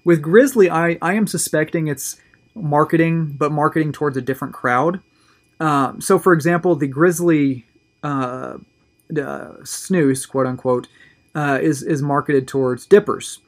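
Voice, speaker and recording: A man's voice: fairly high pitch, a little slow. A man hosting his own video show, talking casually and enthusiastically, often repeating words as he goes. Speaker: host of a tobacco review show. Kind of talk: casual solo video monologue.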